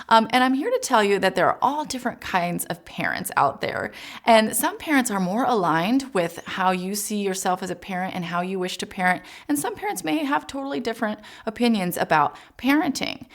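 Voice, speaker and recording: A woman child psychologist giving a gentle, encouraging parenting talk, speaking directly to parents. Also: mid-range voice, gravelly.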